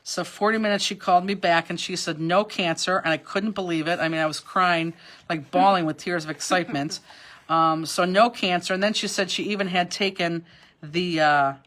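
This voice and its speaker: A woman's voice: lowish voice, fairly even intonation, moderate pace, a bit bright. Chatty woman hosting a craft class. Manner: rambling, chatty, emotional, with frequent fillers and restarts. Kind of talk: live online craft class with chatty storytelling. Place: warehouse workspace.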